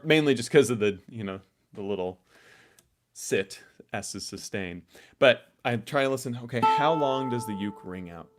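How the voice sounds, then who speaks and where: A man with a mid-range voice teaches a live online ukulele lesson. He explains things in a casual, chatty way full of asides while demonstrating on his instrument.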